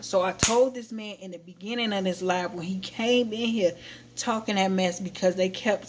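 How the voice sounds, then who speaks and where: A woman's voice: medium pitch, normal speed, slight background noise. Woman streamer, rambling casual chat. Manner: rambling, animated storytelling. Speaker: livestream host.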